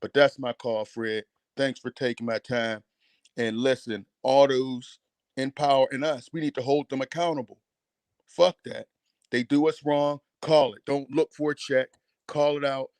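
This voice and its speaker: A man's voice: medium pitch, steady tone, unhurried, darkish tone, no echo. A man calling in to a talk show, ranting in a heated, emphatic and profane way. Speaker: caller. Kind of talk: call-in radio rant.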